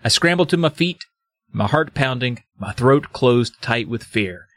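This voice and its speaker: A man's voice: medium pitch, animated, measured pace, a bit bright. A man co-hosting a casual comedic podcast, reading book excerpts dramatically and cutting in with sarcastic, swearing asides. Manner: sardonic, swears, reads dramatically. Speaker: podcast co-host.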